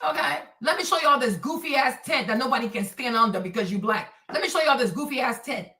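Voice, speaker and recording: Fiery, bright-voiced woman ranting off-mic. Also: high voice, quick pace, far from the mic. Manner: animated, profane, repeats phrases for emphasis. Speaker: livestream host. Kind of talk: heated commentary rant. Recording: roomy and off-mic.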